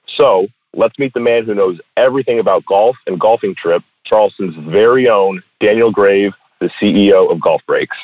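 A male podcast host with a lowish voice asks friendly, joking questions. The recording is dry and a bit dull, like a lo-fi podcast. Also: normal speed, few pauses, no room sound. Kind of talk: casual interview chat.

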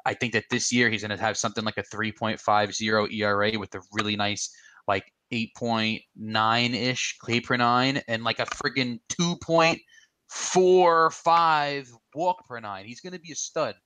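A man's voice: lowish voice, steady tone, moderate pace, pushed and bright. A man co-hosting a casual podcast chat, blunt and emphatic in his opinions. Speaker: podcast co-host.

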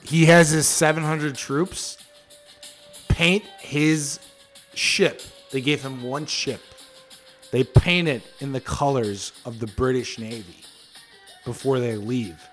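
A man hosting a podcast, retelling history in crude, slangy, animated casual chat. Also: mid-range voice, takes it slowly, faint music behind. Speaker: podcast host.

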